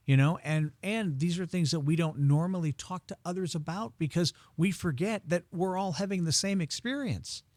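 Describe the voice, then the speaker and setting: A man telling stories in a relaxed interview, acting out quoted dialogue as he goes. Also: a little high, dry recording. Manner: animated storyteller, acts out quoted dialogue. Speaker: podcast guest, incense expert. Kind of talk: conversational interview storytelling.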